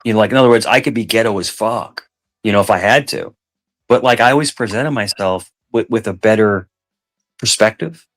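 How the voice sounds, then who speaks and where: A middle-aged man from New York with a softened New York accent, hosting a casual chat and telling rambling stories full of fillers. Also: lowish voice, brisk. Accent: New York, softened toward Midwestern. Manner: rambling storyteller, many fillers and restarts. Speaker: host.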